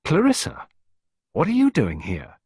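A man's voice: medium pitch, big pitch swings, normal speed, pitched above the performer's own voice. A man doing an insolent, sneering charmer. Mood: brusque. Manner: brusque, mocking and impertinent.

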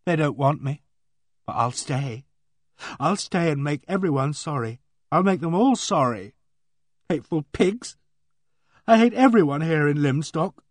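A man's voice: fairly high pitch, animated, measured pace, pauses often, no room sound, studio quality. A man reading aloud and voicing a sullen, awkward teenage girl who talks bluntly and gloomily. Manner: blunt, gloomy, bursts into bitter outbursts.

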